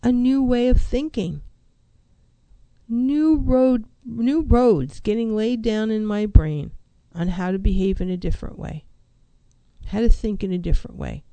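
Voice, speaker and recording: Woman counselor, warm low-bright tone, dry close sound; emphatic motivational delivery with repeated phrases. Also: a little slow, dry recording, low-quality recording. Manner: emphatic, repeats key phrases, asks rhetorical questions. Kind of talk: motivational talk on mental health.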